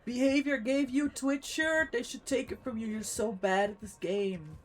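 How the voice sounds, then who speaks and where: A woman's voice: fairly high pitch, normal speed, close to an everyday voice. Woman mimicking a toxic teammate's rant. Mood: berating. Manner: scornful, swearing, berating. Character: angry toxic male teammate ranting.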